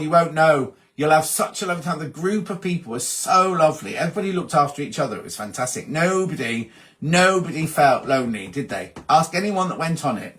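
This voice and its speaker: A man hosting a casual live-stream chat, reading out viewer comments and answering them one by one. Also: fairly high pitch. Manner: chatty, reads out comments and answers them warmly. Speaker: host.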